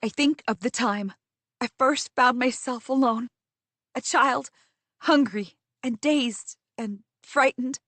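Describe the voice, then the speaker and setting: A woman reading a first-person fantasy audiobook in a measured, tense way, close to the mic. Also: fairly high pitch, a bit bright, dry recording. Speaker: audiobook narrator.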